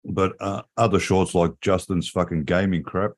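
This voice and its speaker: A man, his voice sitting a little low, chatting loosely on a livestream. He swears constantly, laughs a lot and keeps calling people mate. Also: steady tone, normal speed. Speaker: livestream co-host. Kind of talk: casual chat.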